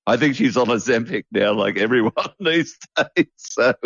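A man's voice: mid-range voice, expressive, normal speed, fairly bright tone, no echo. A man co-hosting a casual podcast chat, rambling, chuckling and swearing offhandedly, recorded in dull lo-fi sound. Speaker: podcast co-host. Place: home balcony.

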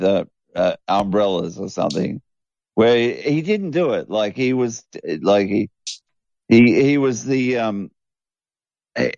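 Man, low gravelly voice, stop-start chatter, dull lo-fi dry recording. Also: darkish tone, no room sound. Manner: halting, lots of restarts. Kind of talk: casual chat. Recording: dull lo-fi sound.

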